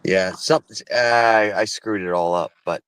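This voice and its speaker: A man's voice: fairly low pitch, measured pace, fairly bright tone, clean tone, dry recording, low-quality recording. A man on a live stream chat telling a joke, laughing often and restarting his sentences. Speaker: co-host. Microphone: live stream call.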